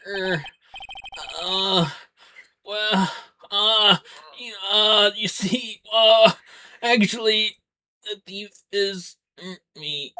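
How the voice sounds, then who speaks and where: A woman voicing a nervous, excitable young male suspect in a fan dub of a video game, stammering and blurting. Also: mid-range voice, drawn-out words, long pauses, background noise. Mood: jittery. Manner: stammering, overexcited, blurts confessions. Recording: loud background music.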